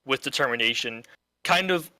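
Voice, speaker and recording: A man's voice: medium pitch, animated, moderate pace, sharp tone, no room sound. A man chatting casually as a player in a tabletop role-playing game, rambling with loose fillers. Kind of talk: casual tabletop play chat.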